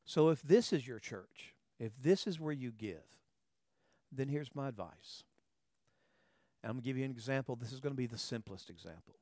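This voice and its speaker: A man's voice: mid-range voice, expressive, normal speed, a little mellow, dry recording, clean studio sound. A man preaching a sermon in a conversational way, often checking in with "all right" and "okay" and repeating words as he starts a phrase. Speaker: pastor.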